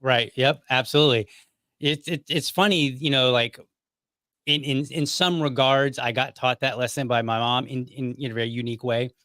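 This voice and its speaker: A man hosting a podcast, talking in a relaxed, chatty way and leaning on filler phrases. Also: medium pitch, normal speed, no echo, clean studio sound. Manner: relaxed, chatty, many "you know" fillers. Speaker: podcast host. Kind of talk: casual conversation.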